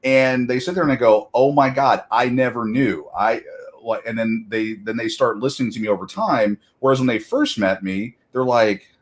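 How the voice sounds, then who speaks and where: A man's voice: medium pitch, normal speed. A middle-aged man co-hosting a podcast, telling rambling, self-deprecating stories in casual chat. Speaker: podcast co-host.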